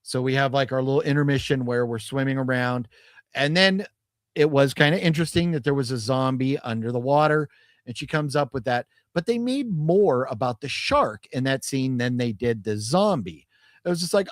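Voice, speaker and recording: A man's voice: mid-range voice, moderate pace, no echo. Podcast guy riffing on movies, bouncy voice that jumps around, dry sound. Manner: animated, rambling with restarts and laughs. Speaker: podcast co-host. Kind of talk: casual movie review chat.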